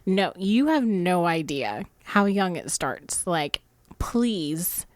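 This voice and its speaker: A woman who works as a librarian, co-hosting a casual podcast chat with a teasing, animated manner. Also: on the low side, no room sound. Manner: animated, teasing, quick to laugh.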